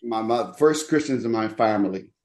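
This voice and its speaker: A man's voice: lowish voice, moderate pace, darkish tone. A man in his sixties from the Republic, a pastor, earnestly telling his life story as an interview guest, with many fillers. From Dominican Republic. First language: Spanish.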